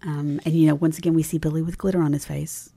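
A woman's voice: sits low, little pitch movement, fast talker, vocal fry, dark tone, slightly rough. A woman co-hosting a podcast, casually recapping a TV episode and retelling scenes with acted-out dialogue. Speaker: podcast co-host.

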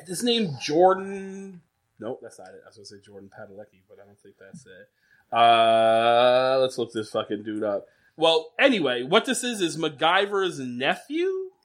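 A man co-hosting a casual podcast chat, animated and swearing, laughing often. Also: on the high side, normal speed. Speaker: podcast co-host.

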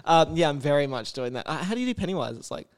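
A man co-hosting a podcast, talking in a loose, sweary, joking way. His voice sits a little higher than most men's. He laughs easily and drops into goofy impressions. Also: very animated, fast talker. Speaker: podcast co-host. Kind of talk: casual podcast chat.

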